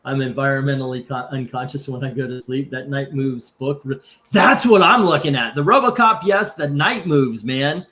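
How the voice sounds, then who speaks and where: A man's voice: mid-range voice, expressive, moderate pace, pushed and bright. A man hosting a live comic book auction stream, chatting casually in a rambling, joking way and reading out viewer comments. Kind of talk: casual livestream chat.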